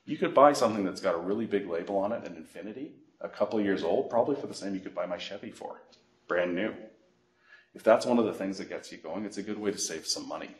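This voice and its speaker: Lively low-voiced man presenting a workshop. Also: fast talker. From Canada. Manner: animated storyteller, acts out phone calls. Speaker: financial educator. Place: library meeting room. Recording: echoey room.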